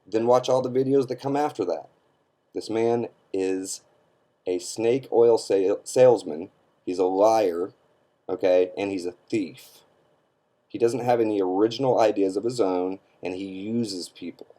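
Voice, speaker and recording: A man's voice: on the low side, measured pace, mellow. A man giving an emphatic, scornful opinion rant to camera, often checking in with his listeners by asking "okay?". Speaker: online commentator.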